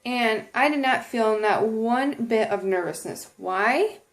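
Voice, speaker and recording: A woman's voice: on the high side, takes it slowly. A woman talking earnestly to camera in a casual inspirational vlog, with many ums and restarted sentences. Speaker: vlogger.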